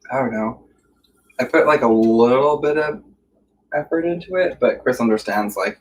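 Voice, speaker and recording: Brief: man, lowish voice, casual eating-stream chat, halting with ums, sits a little back from the mic. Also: far from the mic, a little hiss or hum, rough recording. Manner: hesitant, many filler pauses. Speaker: livestream co-host. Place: warm room at home.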